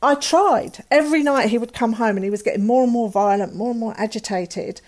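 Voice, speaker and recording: A woman's voice: fairly high pitch, brisk, a little mellow. Woman telling a hard personal story. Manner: candid, emotional, quotes others in dialogue. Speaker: guest.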